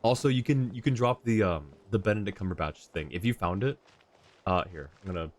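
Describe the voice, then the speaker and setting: A man's voice: on the low side, a little fast. A man streaming a video game live, giving chatty, rambling commentary and laughing often.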